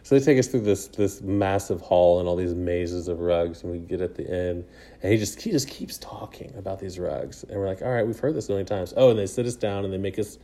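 Low, mellow-voiced man telling a story. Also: a little fast. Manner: rambling, laughs often, many fillers. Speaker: podcast co-host. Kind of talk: casual storytelling chat.

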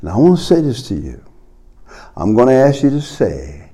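A man preaching a sermon as pastor, swinging between loud calls and low murmurs. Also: wildly swooping pitch, moderate pace, husky.

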